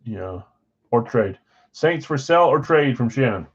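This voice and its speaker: A man's voice: mid-range voice, animated, measured pace, breathy edge, muffled recording. A tired, yawning man hosting a live card break stream. He chats casually with viewers and calls out which teams they hold. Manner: chatty, rambling, talks straight to viewers. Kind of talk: casual live-stream chat, calling out team spots.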